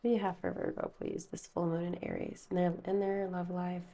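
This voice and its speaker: A woman's voice: fairly low pitch, little pitch movement, a little fast, mellow. Chatty woman giving a tarot reading. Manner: chatty, rambling, calls viewers babe and baby. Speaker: tarot reader. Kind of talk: casual tarot reading to camera. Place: her room at home.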